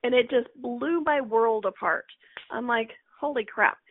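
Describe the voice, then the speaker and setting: A woman's voice: a little high, a little slow, no room sound. A middle-aged woman hosting a casual self-help talk, chatty and laughing often as she acts out inner voices. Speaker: host. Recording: tinny phone-like audio.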